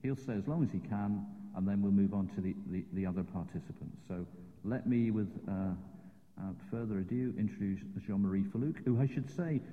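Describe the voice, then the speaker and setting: A man's voice: fairly low pitch, brisk. A man chairing a conference session, introducing speakers with many fillers and restarts. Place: conference room. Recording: echoey hall, muffled lo-fi sound.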